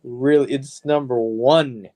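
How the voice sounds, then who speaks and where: This co-host speaks slowly with a warm tone, medium pitch, and fairly even intonation. His podcast talk about movies is relaxed, meandering, and full of profanity.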